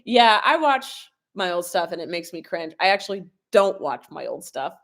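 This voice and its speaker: A woman's voice: lowish voice, a little fast, vocal fry. A young adult woman chatting casually on a live stream from her kitchen, reading viewer comments and laughing often, a little sniffly from a cold. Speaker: vlogger hosting a live stream. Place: home, at a laptop in the kitchen. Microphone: laptop or phone camera propped up.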